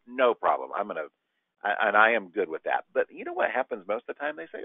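A man's voice: mid-range voice, fairly quick, creaky, husky, dry recording. A man teaching a sales training session, acting out short client exchanges as he goes. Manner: animated, acts out client exchanges. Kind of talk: training talk with role-played dialogue. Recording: dry tinny phone-like line.

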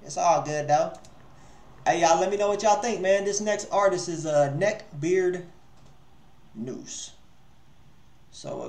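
A man hosts a live music review stream, chatting casually with headphones on. His loose slang carries a slight stutter and vocal fry, and he swings between low mumbled asides and loud exclamations.

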